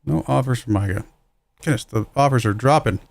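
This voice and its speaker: Male streamer, mid pitch, gravelly, close dry sound, musing aloud through his game. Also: brisk, no room sound. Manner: musing aloud, self-deprecating, chuckles at own mistakes. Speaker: streamer playing a football management game. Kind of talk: casual livestream commentary.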